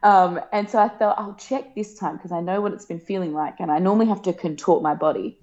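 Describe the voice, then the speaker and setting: A woman, telling a personal story in a casual chat, emotional and laughing often, acting out quoted lines in a higher voice. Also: fairly quick, a little mellow. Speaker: guest. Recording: dull lo-fi podcast sound.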